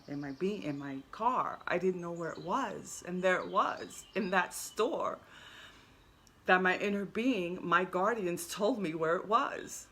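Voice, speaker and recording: A woman's voice: fairly low pitch, sharp tone. A woman telling an earnest personal story in a casual vlog, often repeating and restarting her words. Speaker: spiritual vlogger.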